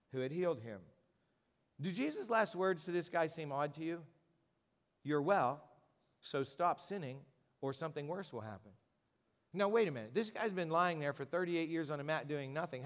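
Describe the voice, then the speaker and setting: A man's voice: a little high, big-room sound. A man preaching a sermon as pastor in a conversational way, acting out the voices of people in the story he tells. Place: church sanctuary.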